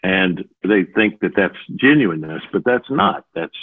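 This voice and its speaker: A man in his sixties who mentors preachers, answering interview questions in an animated way and acting out the voices he quotes. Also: deep voice, a little slow, slightly rough. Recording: phone-like narrow audio.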